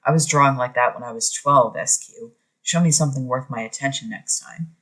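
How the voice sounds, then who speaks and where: A man's voice: mid-range voice, brisk, fairly bright tone, lightly acted. A man reading the part of a dismissive, demanding father with a curt, belittling manner.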